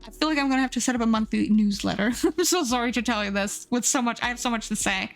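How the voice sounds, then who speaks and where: A woman's voice: on the high side, fast, soft background music. A woman streamer chatting casually and rambling with plenty of fillers while she draws on a live art stream. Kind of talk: casual chat while drawing.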